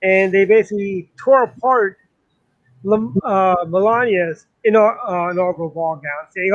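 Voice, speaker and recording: High-voiced indignant male co-host. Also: measured pace, lo-fi sound. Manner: indignant, talks in long runs with many fillers. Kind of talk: political commentary chat.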